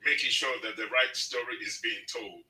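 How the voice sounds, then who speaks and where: A man's voice: mid-range voice, moderate pace, sharp tone, a little hiss or hum. A man speaking as a guest in a panel discussion, in an impassioned, emphatic way. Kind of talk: panel discussion on live stream. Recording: echoey room, distant from mic.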